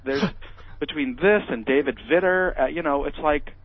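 A man's voice: fairly high pitch, normal speed, slight background noise. A man giving comedic political commentary on a radio show, sardonic and incredulous, asking mocking questions over a muffled remote line. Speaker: regular guest commentator.

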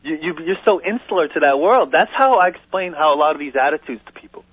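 A man calling in to a radio talk show, opinionated and animated, stumbling into restarts as he talks. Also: fairly high pitch, fast talker, slightly rough, no echo. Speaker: caller. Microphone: telephone. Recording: tinny phone line on radio.

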